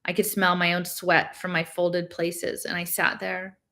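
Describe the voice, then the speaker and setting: A woman with a somewhat low voice reading a novel aloud. Her first-person narration is steady and plain, carrying the story along without fuss. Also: a little slow. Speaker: reader.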